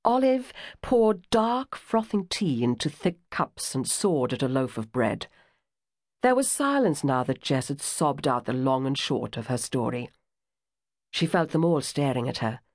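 A woman narrating an audiobook in a lively, expressive reading. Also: rumbling low, unhurried, no room sound, clean studio sound. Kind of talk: scripted narration.

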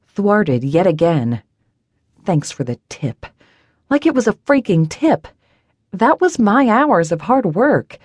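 Expressive woman narrating an audiobook. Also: fairly low pitch, dry recording. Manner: expressive, wry first-person storytelling. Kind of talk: first-person scripted audiobook narration. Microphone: studio microphone, dry booth.

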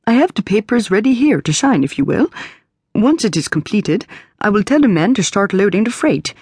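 A woman's voice: medium pitch, sing-song, moderate pace, darkish tone, husky, no echo, clean studio sound, voice pushed up. A woman doing a gracious Dutch dockhand man. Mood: courteous. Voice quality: heavy accent rounded on the vowels. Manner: formal and polite. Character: tall gracious Dutch man, docking agent. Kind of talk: audiobook character voice.

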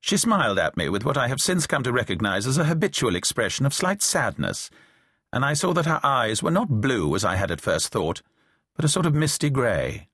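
This middle-aged man narrates a novel with a sing-song, slightly rough, fairly bright mid-range voice, moving along fairly quickly. He gives the characters light voices and tells the story with a dry, wry touch. A close studio mic in a dry booth captures a dry recording.

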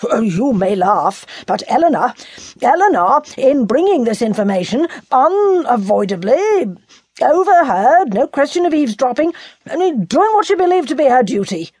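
A woman voicing an older gentleman father who speaks in a stiff, formal, blustering way in a storybook reading. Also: medium pitch, very animated, normal speed, slightly rough, dry recording, studio quality.

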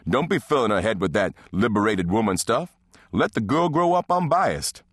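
A man voicing a gruff, bantering husband and father in an audiobook, grumbling in a dry way. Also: on the low side, very animated, moderate pace, fairly bright tone, no echo, voice pushed up.

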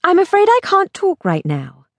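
A woman's voice: extremely high pitch, wildly swooping pitch, normal speed, no echo, pitched above the performer's own voice, exaggerated voice. Woman narrator voicing a flustered ex-detective woman. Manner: hushed, hesitant replies.

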